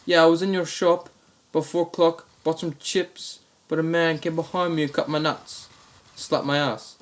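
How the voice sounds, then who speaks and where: A man's voice: fairly high pitch, flat delivery, moderate pace, voice pushed up, close to an everyday voice. A man putting on a cheeky fake-Australian prank caller. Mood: mock-innocent. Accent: put-on Australian. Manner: cheeky, crude, mock-innocent. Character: young male prank caller faking an Australian accent. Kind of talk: comic storytelling with quoted voices.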